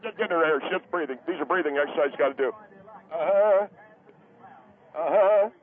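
A man's voice: on the high side, very fast, close to an everyday voice. A man playing a worried husband speaking hurriedly in the background of a call. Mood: fretting. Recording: tinny phone line, speaking off-mic.

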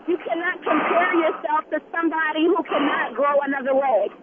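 A woman's voice: high-pitched, brisk. Blunt young woman caller on a phone line. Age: young adult. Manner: blunt, lecturing, scornful. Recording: tinny phone line with clear hiss.

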